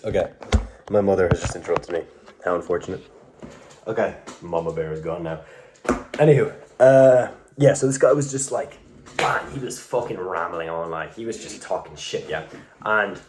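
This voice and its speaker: Brief: young male vlogger, low-pitched, loose, sweary, self-deprecating ramble over faint noise. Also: moderate pace. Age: young adult. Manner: rambling, profane, self-mocking. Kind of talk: casual vlog.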